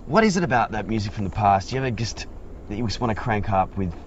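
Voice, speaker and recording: A man hosting a radio interview, asking quick, upbeat questions. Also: fairly low pitch, animated, a little hiss or hum. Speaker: radio host. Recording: slightly muffled radio recording.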